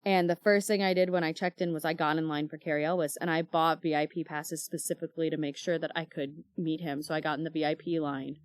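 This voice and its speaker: Chatty woman podcast co-host, low-ish voice. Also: fairly even intonation, quick pace, hardly any pauses, no echo. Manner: chatty storyteller, many fillers, acts out quoted dialogue. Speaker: book club podcast co-host. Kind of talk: casual chat.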